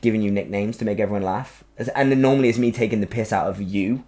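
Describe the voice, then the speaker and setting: A man, hosting a podcast and telling a story in a casual, animated way, acting out quotes and swearing freely. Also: fairly low pitch, quick pace, a little hiss or hum. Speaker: podcast host. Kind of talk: casual chat.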